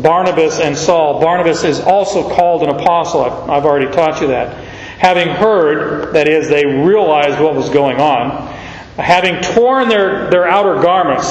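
A man with a fairly high voice teaches scripture at a slow, deliberate pace. His words are emphatic, and he lifts his pitch when he reads verses aloud. The sound is dull and lo-fi, with a long hall echo. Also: slight background noise. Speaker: Bible teacher.

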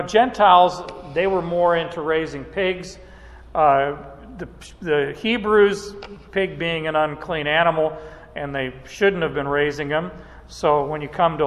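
A man teaching a verse-by-verse Bible lecture, unhurried, with frequent pauses and restarts. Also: a little high, fairly bright tone, long reverb tail.

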